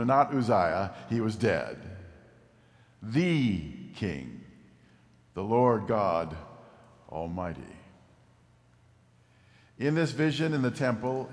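A pastor preaching a sermon, animated, dropping low and slow to stress key words. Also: male voice. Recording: long reverb of a large hall.

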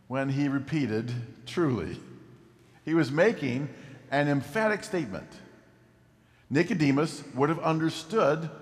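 A pastor preaching a sermon, animated, dropping low and slow to stress key words. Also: male voice. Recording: long reverb of a large hall.

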